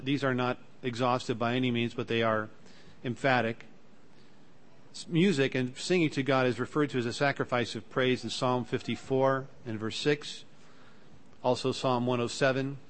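A man preaching a sermon, plain and earnest, lifting his voice when he reads scripture aloud and slipping into fillers between points. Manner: earnest, rises in pitch and volume when reading scripture aloud; plain teaching tone with occasional fillers and restarts.

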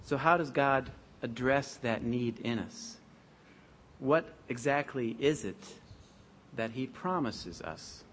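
A man preaching a sermon, reading scripture aloud in a measured, emphatic way. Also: medium pitch, animated, fairly bright tone, slight background noise.

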